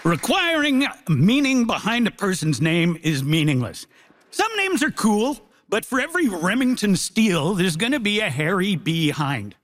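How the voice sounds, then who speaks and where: A man's voice: high-pitched, very animated, moderate pace, a bit bright, a faint crowd, a little hiss or hum. A man delivering a comic debate argument on a theatre stage in a mock-grand manner. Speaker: comedian debater. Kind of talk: stand-up argument. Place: theatre stage before a live audience.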